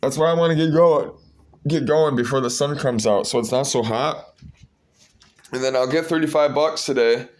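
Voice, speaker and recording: A young man vlogs casually to the camera at a moderate pace in a mid-range voice. He preaches and rambles, repeating words as he hunts for the next one. When retelling a story, he becomes loud and excited.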